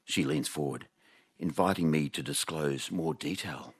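A man hosting a radio comedy show and telling a self-mocking story to a studio audience in a wry, deadpan way. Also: rumbling low, normal speed, breathy edge. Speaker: radio host.

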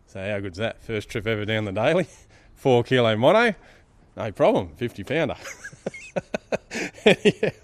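A man's voice: lowish voice, sing-song, unhurried, pauses often. A man in his fifties from Darwin with an Australian accent, casually telling a story and laughing often. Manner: laid-back yarn-spinner, laughs often. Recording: music playing underneath. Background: music.

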